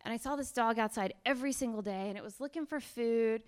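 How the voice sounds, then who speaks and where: Young woman spinning a rambling story for a crowd, lots of ums, high clear voice, pokes fun at herself. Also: fast talker, darkish tone. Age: young adult. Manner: chatty and rambling, with many ums; self-deprecating humor. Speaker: storyteller and salesperson. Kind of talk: live storytelling to an audience.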